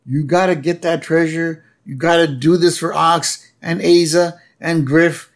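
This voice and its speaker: A man's voice: on the high side, flat delivery, a little slow, voice pushed up. A man putting on a cocky, rebellious ten-year-old boy with a bratty, pushy way of talking.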